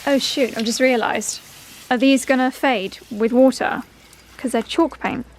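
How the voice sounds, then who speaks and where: A woman's voice: a little high, fairly even intonation, a little slow, slight background noise. Chatty woman vlogging at home. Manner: chatty and upbeat, addresses viewers as darlings. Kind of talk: casual vlog chat. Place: home and garden.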